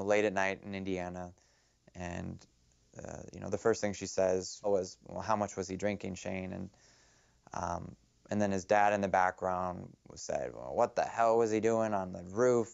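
Young guy, lowish voice, quiet halting documentary talk, kinda muffled, soft music under it. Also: steady tone, creaky, clean tone. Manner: quiet, halting storytelling with restarts. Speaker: interviewee. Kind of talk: documentary testimony. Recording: slightly muffled film audio.

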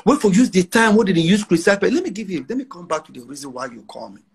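Husky, fairly high-voiced Nigerian man; brash, defiant interviewee. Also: very animated, racing. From northern Nigeria. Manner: brash, defiant, repeats phrases for emphasis. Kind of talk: boastful interview talk.

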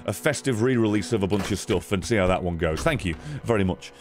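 A man streaming a card game, giving casual commentary, swearing often and breaking into sudden high squeals. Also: brisk, few pauses, soft background music.

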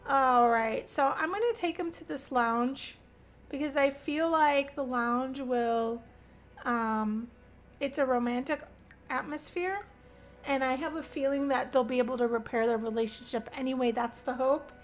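Brief: young woman host, high voice, excitable let's-play commentary, quick to squeal and laugh. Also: soft background music. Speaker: gaming channel host.

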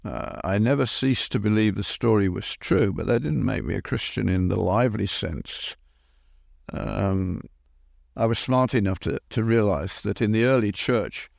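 A man's voice: on the low side, creaky, a little mellow, no room sound, studio quality. An older man giving a reflective podcast talk, telling wry, anecdotal stories. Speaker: podcast speaker.

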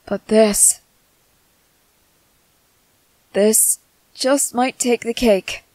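A woman voicing an anxious young male soldier tending a wounded companion, soft and over-apologetic, in a whispered role-play. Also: a little high, fairly even intonation, slow, no echo, low-quality recording. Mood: worried.

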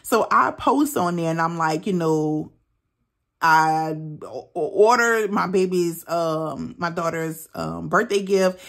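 A woman recounts a personal story to her vlog audience in loose, casual chat. She is emphatic and animated, leaning hard on key words and dropping mild swears as she goes. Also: on the low side, takes it slowly, vocal fry. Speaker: budgeting channel host.

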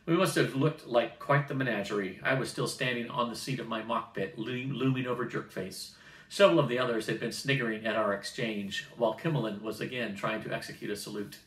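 A man's voice: medium pitch, a little fast. Grandfatherly man reading a novel aloud. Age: older. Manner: steady reading, occasional throat clearing. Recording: roomy, distant mic.

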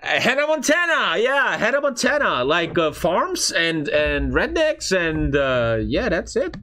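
A man's voice: sits high, huge pitch swings, a little slow, pushed and bright. A European man streaming casual reaction commentary, blunt and profane, reading chat aloud as he thinks.

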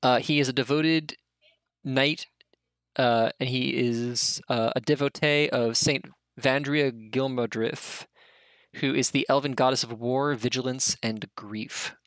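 Bright-voiced male game master. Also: mid-range voice, unhurried, clean tone, dry recording. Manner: relaxed, explanatory, with fillers. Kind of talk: narrating a tabletop game.

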